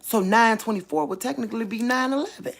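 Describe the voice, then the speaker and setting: A woman, hosting a casual faith channel, talking excitedly and thinking aloud, repeating herself as she works things out. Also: on the high side, quick pace. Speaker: online faith channel host. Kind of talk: casual livestream talk.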